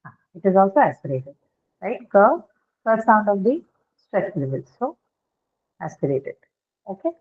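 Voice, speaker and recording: A woman teaching a live online pronunciation class, speaking haltingly with many filler sounds and checking in with her students. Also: medium pitch, very animated, breathy edge. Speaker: English teacher. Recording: narrow phone-like online class audio.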